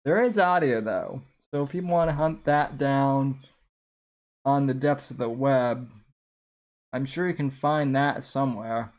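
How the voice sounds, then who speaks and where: A man's voice: medium pitch, unhurried. A man hosting a podcast, chatting casually in rambling, self-deprecating asides. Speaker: podcast host. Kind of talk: casual chat, commentary on an old episode.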